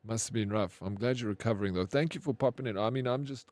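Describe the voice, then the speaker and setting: A man's voice: fairly low pitch, fast talker, a little mellow, no echo. A man, streaming and chatting casually with viewers, rambling with lots of "bro" and casual swearing. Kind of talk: casual stream chat, reading chat aloud.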